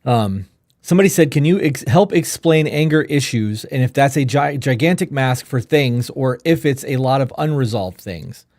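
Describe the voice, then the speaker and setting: A man's voice: medium pitch, lively intonation, moderate pace, darkish tone, no echo, clean studio sound. A man co-hosting a live podcast, talking frankly and swearing casually as he reads out viewer questions. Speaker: podcast co-host.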